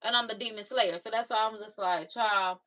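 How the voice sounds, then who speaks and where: A woman's voice: mid-range voice, a little fast, a bit bright. A young woman, reacting to viewer comments on her live stream in sassy casual chat. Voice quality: raspy. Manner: sassy, talks back to commenters.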